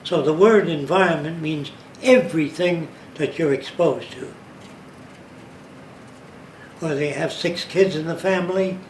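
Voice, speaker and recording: Man lecturing informally, fairly high voice, explanatory, checks listeners understand, roomy echo, set back from the mic. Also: a little mellow, a little hiss or hum. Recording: roomy sound from a distance, faint ambience.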